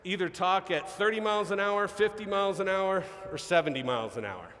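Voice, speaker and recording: A man giving an energetic live seminar talk as a sales trainer, peppering his points with "okay?" and "right?". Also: a little high, slight background noise. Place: large event hall. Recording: reverberant event hall.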